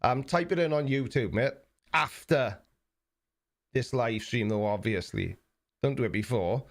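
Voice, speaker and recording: Rambling South Welsh man on a live stream. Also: mid-range voice. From South Wales. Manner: rambling, halting, repeats words, blunt and mocking. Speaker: YouTube live stream host. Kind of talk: casual live stream chat reading viewer messages.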